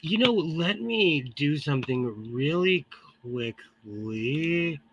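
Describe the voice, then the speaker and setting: A middle-aged man with a shrill voice hosting a casual live stream from his home sewing room on a computer microphone, chatty and laughing as he greets viewers by name. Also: animated, takes it slowly, a bit bright, slightly rough, highs cut off.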